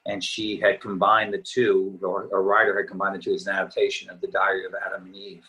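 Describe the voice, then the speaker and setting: A man's voice: deep voice, completely flat delivery, fast talker, sharp tone, low-quality recording. A middle-aged actor chatting as a guest in a casual interview, easygoing and reminiscing, his voice a little tired from talking. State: slightly tired voice.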